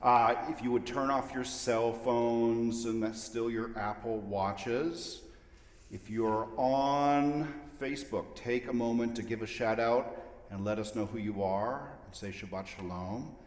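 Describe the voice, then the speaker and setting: A man's voice: medium pitch, measured pace. Man leading a service: joking, chatty welcome, recorded in a reverberant hall. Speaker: service leader. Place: large sanctuary. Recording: echoey hall with long reverb.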